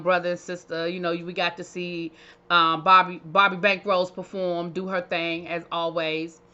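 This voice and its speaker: A chatty woman recaps a reality show with sass and playful asides. Her voice is bright and forceful. The recording sounds a little dull and lo-fi. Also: medium pitch. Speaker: reality TV reviewer. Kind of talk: casual recap commentary.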